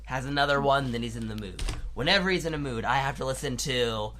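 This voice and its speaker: A man's voice: medium pitch, fast talker, pushed and bright. A man in his twenties, co-hosting a casual podcast and telling rambling stories with restarts. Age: 20s. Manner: rambling storytelling with many restarts. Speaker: podcast co-host. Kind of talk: casual chat.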